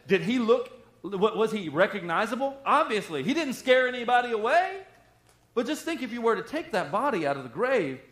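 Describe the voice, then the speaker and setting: A man preaching a sermon, retelling scripture dramatically and swinging between loud and hushed delivery. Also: high-pitched, roomy sound. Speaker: pastor.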